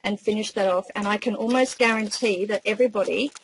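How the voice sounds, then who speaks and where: A woman's voice: medium pitch, fast, breathy edge, poor audio. An enthusiastic woman with an Australian accent demonstrating a barbecue recipe in a casual, gushing way. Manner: enthusiastic, gushing, laughs often. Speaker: cooking demonstrator.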